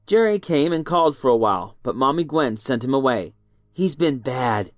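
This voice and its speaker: A man reading a story aloud with an expressive, lilting delivery. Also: medium pitch, fairly quick, dry recording, studio quality. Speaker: narrator. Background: faint music.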